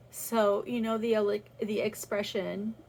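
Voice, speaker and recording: A woman's voice: medium pitch, gravelly, a little mellow, slight background noise, rough recording. A woman talking through a personal faith reflection in a casual, earnest way, with restarts as she thinks aloud. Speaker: vlogger sharing a faith reflection.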